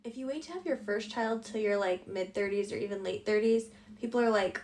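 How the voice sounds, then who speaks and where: A woman's voice: medium pitch, fairly quick, few pauses, a little mellow. A woman giving wry commentary, mockingly quoting what people say. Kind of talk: commentary vlog.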